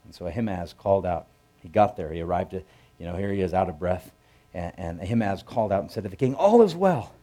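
A man preaching a sermon, retelling a scripture story conversationally and acting out the characters' lines with lively raised voices. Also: low voice, quick pace. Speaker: pastor.

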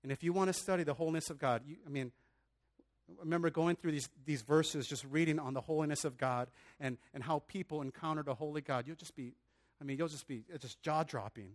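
Earnest pastor preaching, casual and lively. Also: male voice, fairly high pitch, fast. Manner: earnest, conversational preaching with many restarts and casual asides. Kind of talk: sermon.

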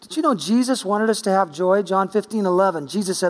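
A man's voice: high-pitched, lively intonation, fairly quick, few pauses. A man preaching a sermon in a church sanctuary, telling a story in a playful, chatty way. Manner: playful, chatty, with quoted dialogue. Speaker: pastor. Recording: long church-hall reverb.

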